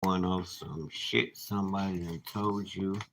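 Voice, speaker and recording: A man's voice: sits low, level tone, unhurried. A man giving a blunt, profane, preachy rant to his viewers, in a noisy recording. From United States. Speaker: self-described teacher. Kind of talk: casual ranting monologue.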